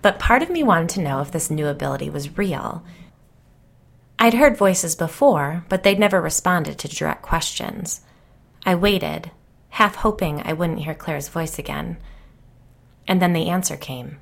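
Low, gravelly woman narrating fiction. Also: lively intonation, unhurried. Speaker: audiobook narrator. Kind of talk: scripted first-person fiction narration.

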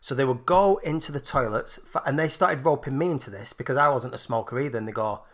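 A man's voice: mid-range voice, quick pace. A man on a podcast telling a funny story in casual chat, swearing and laughing as he goes. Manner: animated, swearing, laughs through his own story. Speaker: podcast co-host.

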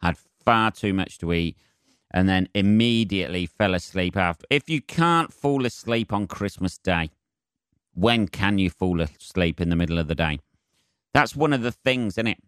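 A young man rambles through a solo podcast, chatty and full of swearing. His voice sits fairly low and comes across smooth and clean. It sounds close and dry, with no room around it. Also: lively intonation, moderate pace, fairly bright tone, dry recording. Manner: sweary, chatty, self-mocking. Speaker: podcast host.

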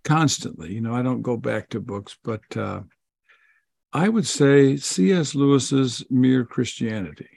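A man answering interview questions in a relaxed, chatty way. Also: mid-range voice, unhurried, vocal fry, dry recording, clean studio sound. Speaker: guest author.

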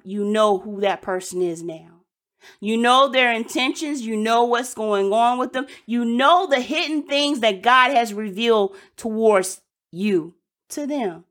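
A woman with a high, bright voice delivers a sermon. She talks in an earnest, exhorting way and circles back to repeat her points. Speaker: preacher.

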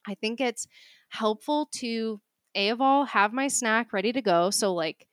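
A woman's voice: on the high side, a little slow, clear, resonant tone, no room sound, clean studio sound. A woman with a Boston accent co-hosting a casual podcast chat, giving practical nutrition advice with frequent laughs. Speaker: podcast co-host, nutrition coach.

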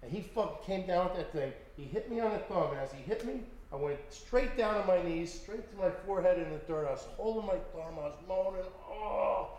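A man, an author guest, telling his stories in conversation in a lively, profane way and acting out what people said. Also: sits high, quick pace, hardly any pauses, very echoey. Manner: animated, profane, acts out quotes. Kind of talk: storytelling in conversation.

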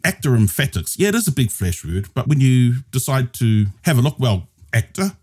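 This casual podcast lesson features a man with a New Zealand accent patiently explaining Māori grammar, switching between Māori and English. He speaks at a moderate pace in a mid-range, darkish voice with a breathy edge and big pitch swings.

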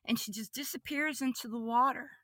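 A woman giving a podcast testimony, telling a personal story vividly and emotionally, often repeating phrases and moving between hushed and excited delivery. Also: fairly high pitch, brisk, no room sound, clean studio sound.

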